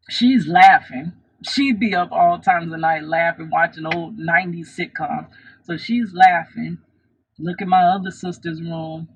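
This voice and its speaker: A woman's voice: fairly low pitch, husky, low-quality recording. A woman vlogger telling a personal story in an earnest, reflective way, often restarting her sentences.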